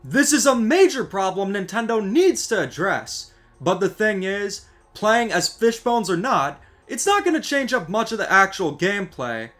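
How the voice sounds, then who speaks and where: A man's voice: high voice, big pitch swings, moderate pace, fairly bright tone, soft background music. A man delivering a scripted, exasperated and sarcastic rant as a gaming video creator. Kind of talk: scripted ranting commentary.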